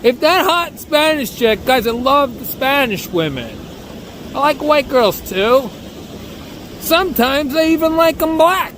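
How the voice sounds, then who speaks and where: A little slow and very high-pitched, a man with a New York accent rambles through a bodyboarding vlog near the beach, with slight noise in the background. The monologue is animated, boastful, full of jokes and self-mockery.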